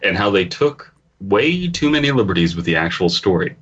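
A man's voice: on the low side, very animated, normal speed, fairly bright tone, breathy edge. A man co-hosting a comedy podcast, reading a story aloud with crude, sardonic asides. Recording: dull lo-fi recording.

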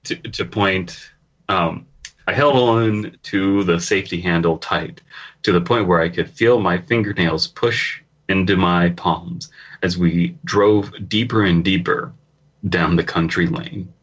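A man's voice: sits low, unhurried, a bit bright. A man co-hosting a comedy podcast, reading a story aloud with crude, sardonic asides. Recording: dull lo-fi recording.

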